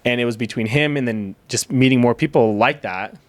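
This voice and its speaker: A candid man speaking as a podcast guest, retelling events in casual chat and voicing the people he quotes. He swears freely and keeps a mid-range pitch. The sound is dry and close. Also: a little fast, no echo. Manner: candid storytelling, swears, acts out quoted dialogue.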